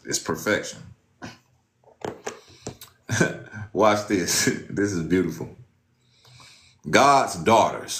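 Animated low-voiced man preaching in an echoey room. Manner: animated, swinging from loud exclamations to low muttering; casual slangy talk. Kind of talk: informal sermon with scripture reading.

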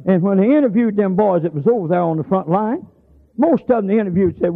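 Gravelly preacher on lo-fi tape. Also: male voice, high voice, fast talker. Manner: folksy storytelling, calls out scripture with emphasis. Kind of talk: holiness sermon. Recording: phone-like lo-fi sermon tape.

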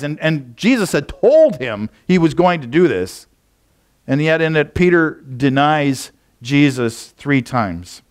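Casual rambling male pastor preaching. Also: mid-range voice. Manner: conversational, rambling with frequent fillers and restarts. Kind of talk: sermon. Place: church.

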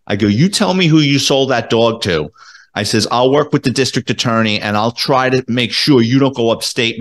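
Middle-aged New man, ex-cop guest; casual, salty storyteller who jumps into quoted voices; mid-pitched. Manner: animated, profane, acts out quoted dialogue. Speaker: former police detective, guest.

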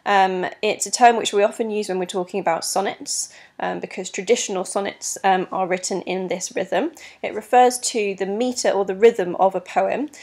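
Woman, teacher, recorded lesson, patient, clear, frequent ums, mid pitch. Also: steady tone, normal speed, hardly any pauses, a little mellow. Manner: clear, patient, many ums, stresses rhythm aloud. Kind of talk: recorded exam lesson explaining poetry.

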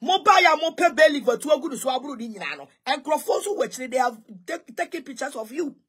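In a brisk, sing-song voice that sits high and sounds fairly bright, a Ghanaian woman vents on social media. The online commentator mocks her target with repeated questions, moving back and forth between Twi and English.

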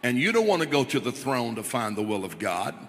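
Bright-voiced preacher in a ringing hall. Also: male voice, mid-range voice, sing-song, brisk, slight background noise. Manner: emphatic preaching, swelling to shouts. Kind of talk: Pentecostal sermon. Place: church sanctuary. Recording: long church reverb.

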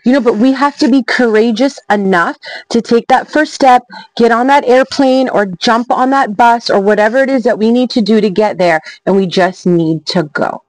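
Energetic woman telling travel stories. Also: a little high, normal speed, dry recording, rough recording. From Canada. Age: 40s. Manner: energetic, emphatic, chatty. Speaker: travel vlogger. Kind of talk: motivational storytelling vlog.

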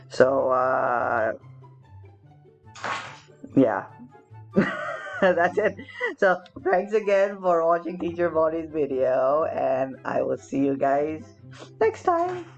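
A young woman teaching children English, chatting brightly through a phonics lesson and a home kitchen demo. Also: low-pitched, dull audio. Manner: bubbly, chatty, talks straight to children.

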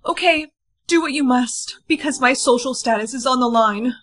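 A woman acting in a short comedy skit with a high, bright voice. Her delivery is bratty and demanding, with plenty of drama. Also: moderate pace. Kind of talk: comedy skit role-play.

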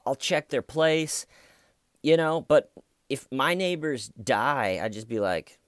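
A man's voice: mid-range voice, takes it slowly, smooth, no echo, studio quality. A man giving casual, sarcastic commentary on a YouTube video, joking and conversational. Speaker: YouTube true-crime commentator.

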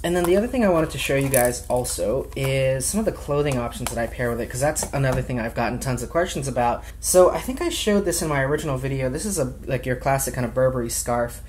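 A man's voice: medium pitch, expressive, fast, hardly any pauses, a little mellow, slight background noise. A young man casually showing off a watch and accessories in a vlog, chatty and gushing, with many fillers. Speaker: watch vlogger. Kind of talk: casual show-and-tell vlog.

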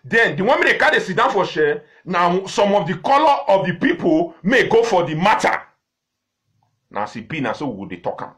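A man's voice: high-pitched, very animated, brisk, fairly bright tone. A man with a Nigerian accent hosting a live video, chatting in a loose, repetitive way straight to his viewers. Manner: chatty, repeats himself, talks to viewers directly. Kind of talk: casual live-stream commentary in pidgin.

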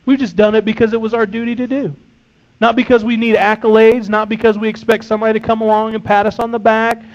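A man's voice: high-pitched, lo-fi sound. A man preaching a sermon, emphatic, reading scripture and acting out a servant's complaints.

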